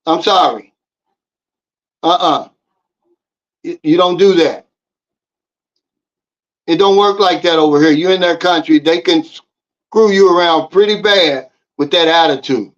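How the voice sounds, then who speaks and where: A man's voice: a little high, a little slow, pauses often, a bit bright. A man from the United States talking casually to his viewers, giving emphatic, preachy advice straight to camera. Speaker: vlogger. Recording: slightly dull lo-fi audio.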